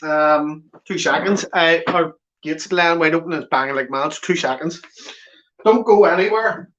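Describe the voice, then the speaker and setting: A man's voice: on the high side, steady tone, normal speed, bright, forceful tone. A man hosting a live football watchalong from home, reading viewer comments aloud and teasing them in chatty banter. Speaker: watchalong host. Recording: slightly dull lo-fi audio.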